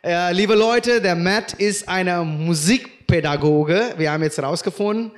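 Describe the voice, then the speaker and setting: A man hosting a casual bilingual livestream chat, pausing to search for words, with many fillers. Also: sits high. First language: German. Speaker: livestream host.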